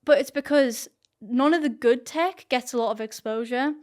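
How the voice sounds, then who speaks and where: The speaker is a young woman guesting in an interview, and her casual talk to camera is chatty and sincere, packed with "like." She speaks at a moderate pace in a slightly high voice.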